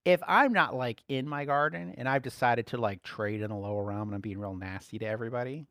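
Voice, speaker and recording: A man giving conversational Bible teaching as a preacher, relaxed, laughing lightly and repeating key phrases. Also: mid-range voice, brisk, clean tone, dry recording.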